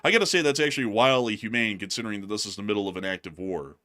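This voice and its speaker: A man's voice: lowish voice, very fast, sharp tone. A man hosting a casual war news commentary show, chatty with frequent laughs and fillers. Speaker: host.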